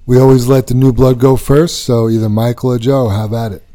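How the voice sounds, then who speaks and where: Relaxed man hosting a podcast. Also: mid-range voice, brisk. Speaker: podcast host. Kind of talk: casual podcast chat.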